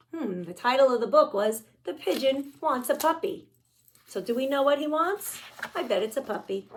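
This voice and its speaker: Woman, teacher, children's lesson, encouraging, slightly high voice. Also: lively intonation, normal speed. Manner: encouraging, speaks directly to kids, many "all right"s. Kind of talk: children's craft lesson and read-aloud.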